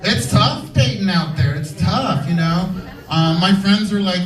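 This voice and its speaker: A man doing a stand-up comedy set, animated and campy, shouting his punchlines. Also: sits high, unhurried, recorded from a distance. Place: comedy club stage. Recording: echoey club heard from afar. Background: laughing crowd.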